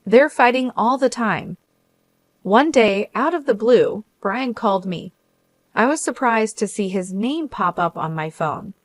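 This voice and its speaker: A woman reading a first-person story as the narrator, in an even, measured way. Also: mid-range voice, no echo.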